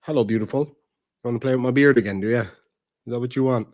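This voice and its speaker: A man with an Irish accent chats on a casual stream in a mid-pitched voice. He swears freely and slips into soft baby talk with his dog. The sound is dry and close. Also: fast talker, dry recording. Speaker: channel host. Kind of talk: casual livestream chat.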